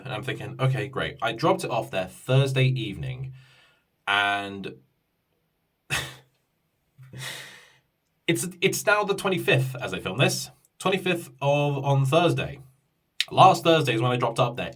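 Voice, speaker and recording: A man's voice: medium pitch, fairly bright tone, breathy edge, far from the mic. A man telling a frustrated story in a casual vlog rant, stumbling and restarting as he swears about his ordeal. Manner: exasperated, swearing, many restarts and quoted voices.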